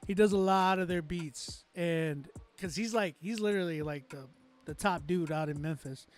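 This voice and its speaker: High-voiced male producer critiquing tracks. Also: moderate pace, soft background music. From Texas. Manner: loose and talkative, laughs often, restarts, reads chat comments aloud. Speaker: music producer and livestream host. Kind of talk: casual livestream critique, reading chat.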